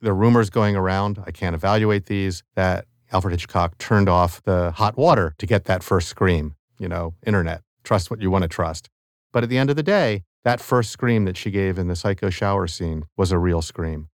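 A middle-aged man, a professor of ecology and evolutionary biology, explaining his research in a measured, academic way in an interview clip. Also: deep voice, dry recording, studio quality. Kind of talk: interview clip in a narrated podcast.

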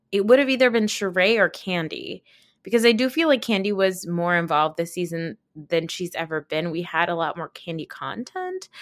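A woman podcast host recapping a reality show in a casual, chatty way, with lots of fillers and quick asides. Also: fairly low pitch, a bit bright, no echo.

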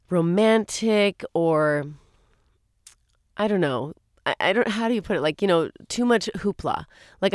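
A woman in her forties with a fairly low voice hosts a casual podcast episode on her own. Her talk rambles and keeps interrupting itself. The sound is dry and close, recorded in a small closet at home. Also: clean tone, no echo. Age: 40s. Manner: rambling, chatty, self-interrupting. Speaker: podcast co-host. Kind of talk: casual solo chat.

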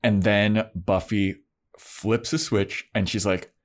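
Young dude podcast cohost, kinda low voice, super animated retelling. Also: male voice, takes it slowly. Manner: animated retelling, acts out characters' lines. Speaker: podcast co-host. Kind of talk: casual recap chat.

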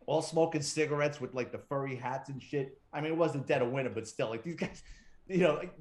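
A middle-aged retired police detective, appearing as an interview guest, tells stories in a casual, profane, wisecracking way and acts out what other people said. His voice sits on the high side, with a brisk pace and a darkish tone.

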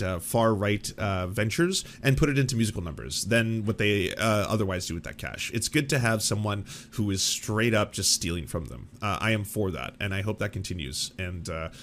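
A man's voice: lowish voice, fairly bright tone, a little hiss or hum. Sarcastic, swearing male commentary host. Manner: sarcastic, mocking, swears freely.

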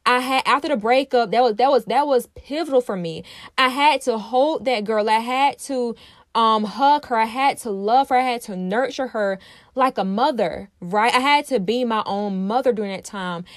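A woman's voice: fairly high pitch, moderate pace, dry recording. Earnest woman host, dry close sound. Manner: earnest, emphatic, repeats phrases, addresses listeners directly. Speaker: podcast host. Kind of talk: personal self-help monologue.

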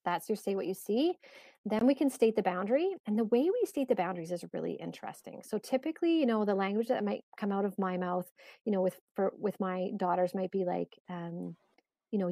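A middle-aged woman, a parenting coach, explaining calmly in a podcast interview, with many fillers and restarts. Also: mid-range voice, a little fast, dry recording.

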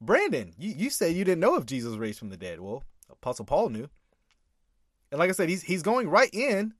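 Reacting to a sermon clip, a male commentator reads scripture and pushes back on the preacher with animated, emphatic repeats and bursts of laughter. His pitch swings widely as he argues, and the recording sounds dry and close.

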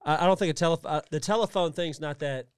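A man's voice: a little high, fast, smooth, no echo. A man co-hosting a podcast, chiming in casually with short comments. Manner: chimes in with short comments and asides. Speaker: podcast co-host. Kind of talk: casual chat.

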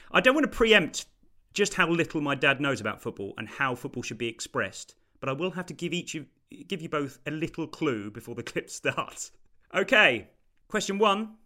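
A man with a bright, sharp-edged voice hosts a podcast quiz. He explains rules and scores with an upbeat, wry tone. He is recorded over a video call. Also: a little high, big pitch swings, moderate pace. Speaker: quiz host.

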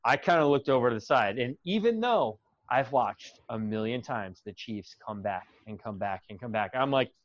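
A man co-hosting a sports podcast, telling a betting story in an animated, suspense-building way. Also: medium pitch, normal speed, few pauses, muffled recording. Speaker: podcast co-host. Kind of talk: casual sports chat.

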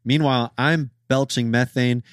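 An easygoing man hosting a comedy podcast and reading listener jokes aloud at a middling pitch. His voice is recorded close and dry, with no room echo. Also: steady tone, normal speed, clean tone. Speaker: podcast host. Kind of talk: casual comedy-writing chat.

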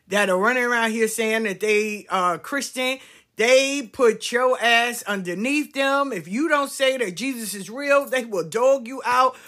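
A woman's voice: medium pitch, fairly bright tone. A woman hosting a talk show, telling stories in a loose, swearing, chatty monologue. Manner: chatty, swearing, drawling Southern-style address to listeners. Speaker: podcast host. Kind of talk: casual storytelling monologue.

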